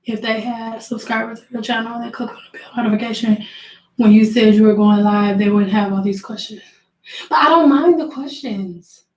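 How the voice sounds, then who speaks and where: A woman's voice: fairly high pitch, fairly even intonation, moderate pace. Blunt woman chatting on a livestream. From Detroit, USA. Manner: blunt, straight-talking, chatting back to viewers. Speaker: hair stylist livestreaming. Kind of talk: casual livestream chat while working. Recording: echoey room, mic off at a distance.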